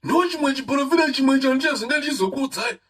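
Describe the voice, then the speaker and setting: A man with a Zimbabwean accent mimicking a self-proclaimed male prophet in a high, strained, loud wail, pleading theatrically to God in mockery. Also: fairly quick, distant mic. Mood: mocking wail.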